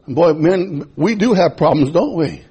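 A man preaching a sermon in a church, impassioned and repetitive, swinging from loud to hushed. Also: on the high side, lively intonation, normal speed, breathy edge. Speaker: pastor.

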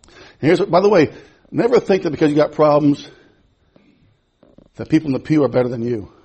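A man preaching a sermon in a church, impassioned and repetitive, swinging from loud to hushed. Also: fairly high pitch, expressive, a little fast, breathy edge. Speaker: pastor.

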